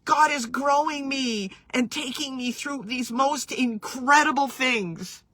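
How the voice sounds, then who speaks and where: Woman, personal storytelling, earnest, breathy, bright, dry close mic, soft laughs. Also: high voice, slow, no room sound. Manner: earnest, laughs often between phrases. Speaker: healing coach sharing her story. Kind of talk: personal storytelling, casual and reflective.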